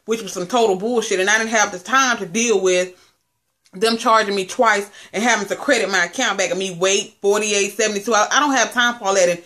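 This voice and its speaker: A woman's voice: mid-range voice, brisk, fairly bright tone. A woman in her late twenties tells viewers an angry, profane story about her cable company, calling them family. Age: late 20s. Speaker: vlogger. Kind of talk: angry rant to camera.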